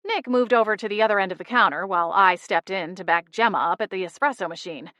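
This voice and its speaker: A woman narrating a first-person cozy mystery audiobook in a wry, lively storytelling manner, on a close studio mic. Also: mid-range voice, fast talker, dry recording.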